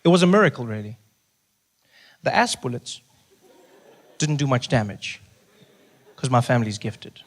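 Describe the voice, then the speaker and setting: A man from Africa, telling an animated stand-up story and acting out scenes. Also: mid-range voice, moderate pace, pauses often. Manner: animated, acts out scenes, rising outbursts. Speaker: stand-up comedian.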